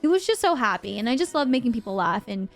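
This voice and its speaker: A woman's voice: on the high side, big pitch swings, fast, soft background music. A woman from Bahrain, over twenty-five, chatting animatedly to her live stream audience and acting out the voices in her story. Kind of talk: casual storytelling to a live chat.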